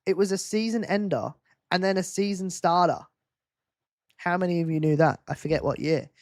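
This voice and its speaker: A man's voice: sits high, moderate pace, a little mellow, no room sound, studio quality. A man hosting a live race-watch quiz stream, teasing viewers in casual chat.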